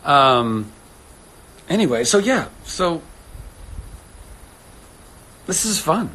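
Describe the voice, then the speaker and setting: A man's voice: on the high side, big pitch swings, drawn-out words, pushed and bright. A man in his thirties hosting a casual livestream, answering viewer comments in a playful, rambling way and slipping into accents.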